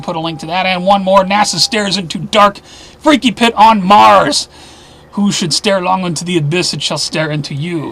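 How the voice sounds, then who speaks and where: A man hosting a weekly news roundup, reading headlines aloud and adding sarcastic asides, often dropping to a low mutter. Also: a bit bright.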